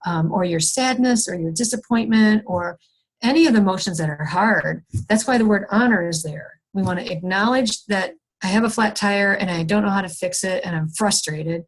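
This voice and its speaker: Young woman facilitator on a video call, middle pitch, casual reflective delivery, lots of ums and restarts. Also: normal speed. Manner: conversational, reflective, frequent fillers and restarts; acts out her own past frustration with raised excited voice. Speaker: workshop facilitator. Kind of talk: online wellness workshop talk.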